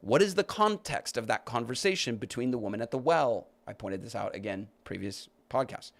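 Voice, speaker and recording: A podcast host with a gravelly, mid-range voice talks a little fast, his intonation lively. He argues his point during a live stream, reading comments aloud and rebutting them, restarting his sentences often.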